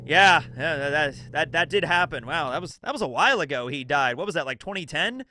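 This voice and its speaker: A man's voice: fairly high pitch, expressive, fast, bright, forceful tone, faint music behind. A man hosting a casual video commentary, rambling along with lots of fillers. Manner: rambling, chatty, heavy fillers. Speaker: YouTube host.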